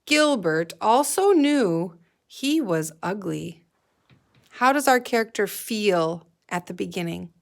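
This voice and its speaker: A woman teaching a guided reading lesson, reading a storybook at an unhurried pace. Her voice sits at a middling pitch and she gives each line expression, asking the class about the characters' feelings as she goes. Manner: slow, clear read-aloud with expressive dialogue.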